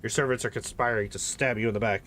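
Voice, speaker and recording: A man's voice: mid-range voice, steady tone, fast talker, fairly bright tone, a little hiss or hum, voice pushed down, natural voice. A man voicing an imperious male lich mentor who lectures with cold, condescending scorn. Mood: haughty.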